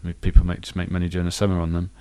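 Deep, dark, and clean, this man's voice stays monotone while he talks very fast. Co-hosting a podcast, he chats casually, wandering off track and fixing his own words as he goes.

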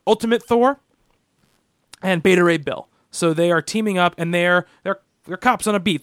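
A man co-hosts a relaxed comic book chat, circling his points with false starts and repeated words. His voice sits a touch high and the recording is dry and close with no room sound. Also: clear, resonant tone, dry recording. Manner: rambling, many restarts. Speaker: podcast co-host.

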